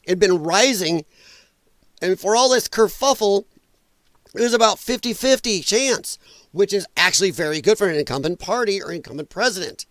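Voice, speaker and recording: Man, livestream host, high strained voice, blunt, swearing, dry close sound. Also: lively intonation, moderate pace, a bit bright, no room sound. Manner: blunt, opinionated, swears freely. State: strained, damaged voice from breathing trouble. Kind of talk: casual reaction livestream.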